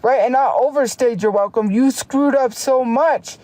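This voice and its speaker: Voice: sits high, darkish tone, dry recording. Heated livestreamer ranting casually. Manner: heated, talks fast and restarts sentences often. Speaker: live streamer.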